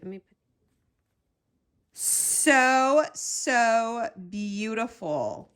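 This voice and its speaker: A woman vlogger with a slightly high voice gushes her way through an unboxing, doubling up words for emphasis. She takes her time, drawing each phrase out slowly. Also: animated, fairly bright tone. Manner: gushing, repeats words for emphasis. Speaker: crochet vlogger. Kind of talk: excited unboxing chat.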